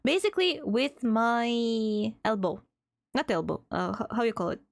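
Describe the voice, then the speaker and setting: A woman's voice: a little high, sing-song, measured pace, gravelly, no echo. A young woman with a Russian accent, a VTuber chatting casually on a livestream, reading chat aloud and laughing often. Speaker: VTuber streamer.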